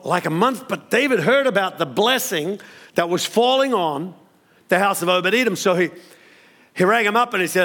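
A man preaching a storytelling sermon, animated and acting out the characters with sudden high exclamations. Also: normal speed. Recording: long hall reverb.

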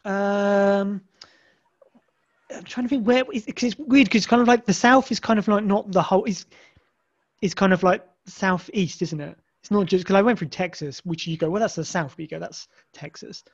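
A man's voice: sits high, fairly even intonation, normal speed. An English man chatting as a podcast guest, rambling with many restarts and fillers. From England. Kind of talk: casual podcast conversation. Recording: dull lo-fi sound.

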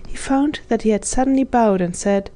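A woman narrating a children's storybook in a measured, even reading voice. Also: a little high. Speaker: audiobook narrator.

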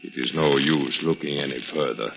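An actor playing a sinister crystal gazer who speaks slowly with menace, in 1940s radio acting style. The sound is a muffled, hissy 1940s radio broadcast. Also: male voice, fairly even intonation. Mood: ominous. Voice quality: deep gravelly slow menace.

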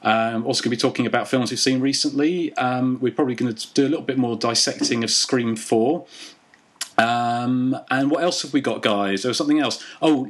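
A man hosting a podcast in casual chat, hesitant with many pauses and restarts. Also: mid-range voice, a bit bright, breathy edge. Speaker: podcast host.

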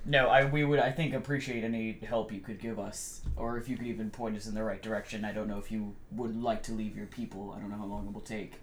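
A woman's voice: very deep voice, little pitch movement, brisk, a little hiss or hum, poor audio. A woman playing a tabletop game, speaking in a hesitant, polite way. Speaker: player. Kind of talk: casual tabletop role-play.

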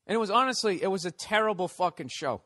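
A man's voice: sits high, expressive, quick pace, bright, forceful tone, dry recording. Middle-aged man podcast host, swearing, ranting, rambling monologue. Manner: profane, ranting.

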